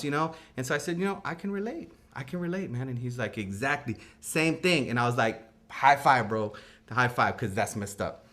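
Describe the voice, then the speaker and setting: Slightly high and a bit bright, the voice belongs to a man acting as an easygoing night-shift janitor. In this comic fake news interview he rambles through his tale, slangy and full of "like" and "right?".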